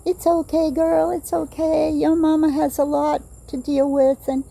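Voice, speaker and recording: An older woman voicing a kind young woman who gently comforts a girl. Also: sits high, little pitch movement, unhurried, creaky, pitched above the performer's own voice, rough recording. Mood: soothing. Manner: gentle, soothing.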